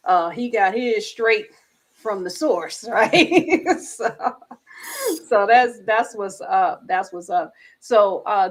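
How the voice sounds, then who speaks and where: Woman, mid-pitched, relaxed and chatty, organizer talk on a video call. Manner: chatty, laughs easily, many fillers. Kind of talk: casual info session talk.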